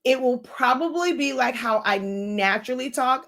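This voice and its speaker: Fast-talking woman on a livestream. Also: sits high, fairly bright tone. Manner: fast-talking, long-winded, working to slow down. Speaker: livestream host and creative instructor. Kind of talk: casual live-stream talk.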